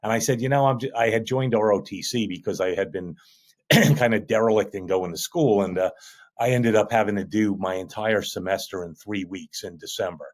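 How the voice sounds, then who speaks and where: A man being interviewed as a guest, recounting his past in a measured, matter-of-fact way. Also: fairly low pitch. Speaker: guest, attorney and army veteran. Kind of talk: conversational interview.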